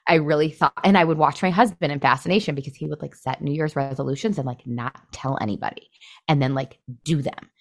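A woman co-hosting a podcast in casual chat, talking fast and loose with lots of fillers and acted-out quotes. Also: low-pitched. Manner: chatty, filler-heavy, acts out quotes. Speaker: podcast co-host.

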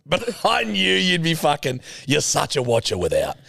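A man trades jokes on a podcast with a gravelly, rough edge to his voice. His pitch sits a touch high and swings around as he teases and swears freely. The sound is close and dry. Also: wildly swooping pitch, moderate pace, a bit bright, no echo. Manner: teasing, sweary, laughs a lot. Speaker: podcast co-host. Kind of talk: casual comedic banter.

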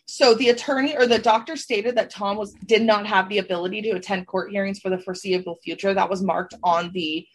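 A woman's voice: mid-range voice, fairly even intonation, brisk, few pauses. A woman co-hosting a gossip podcast, chatting casually and going through her notes. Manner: chatty, reads from notes with laughs. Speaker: podcast co-host.

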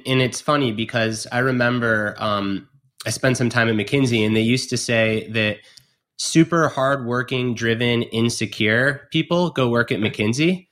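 A man's voice: medium pitch, a bit bright. A man hosts a podcast interview in an ordinary mid-range voice. He asks questions in a chatty, effusive manner. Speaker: podcast host.

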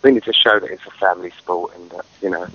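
Fast-talking upbeat male caller. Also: deep voice, fairly even intonation, sharp tone, slight background noise. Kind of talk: casual phone-in chat. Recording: dull, dry lo-fi recording.

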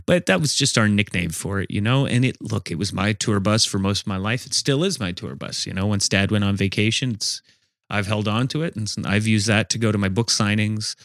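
Deadpan low-voiced man spinning absurd stories. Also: brisk, no echo, studio quality. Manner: deadpan, telling absurd made-up stories straight-faced. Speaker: podcast co-host. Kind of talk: casual improvised comedy chat.

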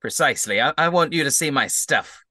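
A man voicing a boastful, excitable rabbit-folk man who talks in a loud, gleeful, showy way. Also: mid-range voice, fairly quick, dry recording, clean studio sound, voice pushed up. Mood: chummy.

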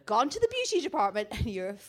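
An Irish woman with a high, bright voice tells a story in casual talk. Her pitch leaps up and down, and she slips into other people's voices as she goes. She swears freely and sounds animated throughout. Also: fast talker. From Ireland.

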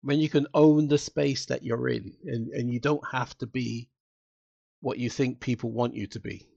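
A man as a guest in a casual interview, telling stories in an animated, emotional way and acting out what people said. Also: medium pitch, normal speed, creaky, dry recording, muffled recording. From United Kingdom. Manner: animated, emotional storytelling with acted-out quotes.

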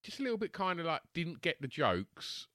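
A man telling a sweary, animated anecdote in casual chat. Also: fairly high pitch, normal speed, no echo, studio quality. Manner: sweary, animated anecdote teller who acts out quotes. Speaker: guest telling a story.

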